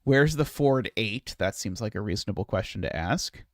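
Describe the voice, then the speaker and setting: A man streaming a puzzle solve, thinking aloud in a hesitant, muttering way with many filler pauses. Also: on the low side, lively intonation, no echo, clean studio sound.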